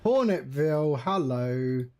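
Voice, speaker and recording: A man giving casual live-stream commentary as he sets up a flight simulator, chatting to viewers in a relaxed, rambling way. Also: medium pitch, takes it slowly.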